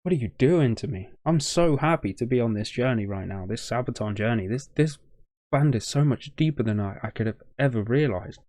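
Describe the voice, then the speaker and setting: A man's voice: medium pitch, animated, brisk, a little mellow, no room sound, studio quality. A young man hosting a reaction video, choked up with a shaking voice, rambling and stumbling over his words in casual commentary.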